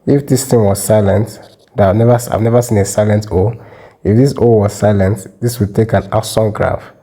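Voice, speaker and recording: Male language teacher, dark mellow tone, patient step-by-step explainer. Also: on the low side, fairly even intonation, rough recording. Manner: methodical, repeats example words slowly. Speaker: French teacher. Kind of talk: explanatory lesson.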